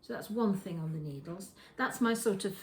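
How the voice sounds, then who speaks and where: A woman's voice: mid-range voice, moderate pace, reverberant, a little hiss or hum, low-quality recording. A woman hosting a knitting podcast from her kitchen, chatting casually in a rambling way with many restarts. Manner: rambling, with frequent restarts and self-corrections. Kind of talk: casual show-and-tell chat. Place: home kitchen.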